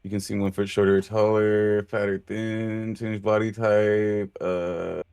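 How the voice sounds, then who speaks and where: A man's voice: fairly low pitch, little pitch movement, a little mellow, smooth, no echo, studio quality. A man playing in a tabletop role-playing game, talking through his turns and rolls. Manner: halting, stammering in character. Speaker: player.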